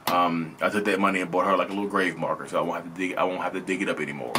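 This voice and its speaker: With background noise behind him, a man in his thirties talks rapid-fire in a low, steady voice. It's a casual personal monologue: a video host sharing his experience earnestly, wandering and repeating himself.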